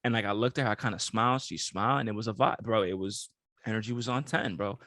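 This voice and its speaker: A young podcast co-host tells stories in slang-heavy, casual chat, laughing often. His lowish, slightly bright voice moves quickly, captured in clean studio sound with no room ambience.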